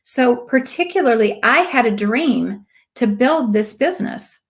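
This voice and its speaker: A woman in her late fifties, a sales director giving a motivational talk, telling lively stories and acting out the voices of people she quotes. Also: a little high, unhurried. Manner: emphatic, preachy asides.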